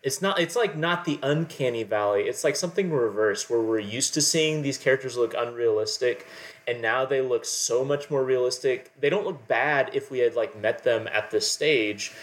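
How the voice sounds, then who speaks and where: Man rambling with constant "like". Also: mid-range voice. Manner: rambling and analytical, full of "like". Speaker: podcast co-host. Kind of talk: casual film discussion.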